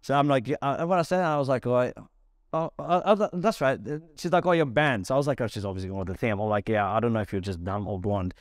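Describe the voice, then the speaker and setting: In clean studio audio without echo, an Australian man hosts a casual podcast, telling a story at a fast clip in a mid-range voice, acting out quotes and frequently laughing.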